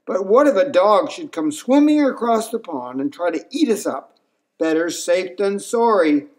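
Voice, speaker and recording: A man's voice: high-pitched, sing-song, normal speed. A man voicing a cautious worried frog. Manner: worried, reasoning and insistent. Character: cautious male frog clutching a stick.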